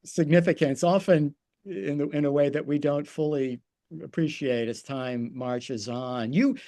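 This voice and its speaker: Reflective interviewer with a higher man's voice. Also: fairly even intonation, mellow. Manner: measured, reflective, with many fillers. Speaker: podcast host, interviewer.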